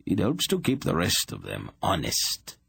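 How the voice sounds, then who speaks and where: A man's voice: low voice, wildly swooping pitch, measured pace, gravelly, fairly bright tone, husky, exaggerated voice. A man voicing an urbane, cruel emperor in an audiobook, speaking with silky, polite menace.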